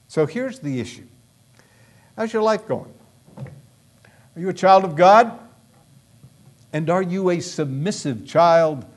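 A male pastor preaches with an animated, swooping voice that sits a little high for a man. He drives his points home with emphatic rhetorical questions, leaning into key words. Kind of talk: sermon.

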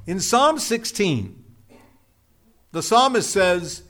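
A man delivering an expository sermon in a slightly high, very animated voice. He takes his time and leans on repetition, then drops quiet to land each point. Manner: emphatic, expository preaching with dramatic pauses and drops in volume. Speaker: pastor.

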